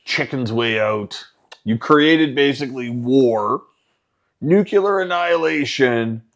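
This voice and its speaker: A man's voice: mid-range voice, slow, soft background music. A man hosting a casual film reaction, sardonic and wisecracking.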